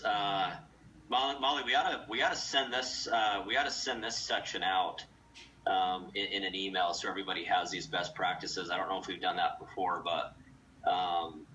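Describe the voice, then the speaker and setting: Deep-voiced man, distant and muffled. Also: sharp tone. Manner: halting, many fillers. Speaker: team leader. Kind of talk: casual meeting praise. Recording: distant, dull audio with faint noise.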